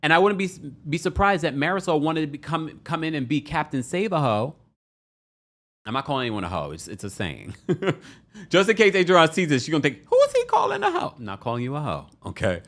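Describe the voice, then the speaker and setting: A man's voice: fairly high pitch, big pitch swings, a little fast, a bit bright. A man hosting a live reality-TV recap in a casual, chatty way, often laughing and repeating himself. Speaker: recap show host.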